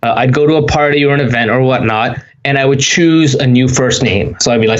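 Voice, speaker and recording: A man answering interview questions in a relaxed, conversational way, telling anecdotes. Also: mid-range voice, a little fast, hardly any pauses, muffled recording. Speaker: podcast guest.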